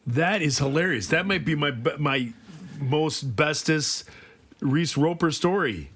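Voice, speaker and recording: A man's voice: a little high, expressive, a little slow, fairly bright tone, slightly rough. A man hosting a podcast in casual chat, reacting playfully to his guest's story. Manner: playful, riffs along with the guest. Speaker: podcast host.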